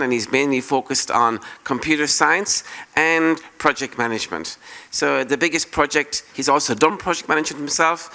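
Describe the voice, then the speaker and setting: A man's voice: mid-range voice, pushed and bright. A man introducing a speaker on a conference stage in a chatty, joking way. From Ireland. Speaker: conference host.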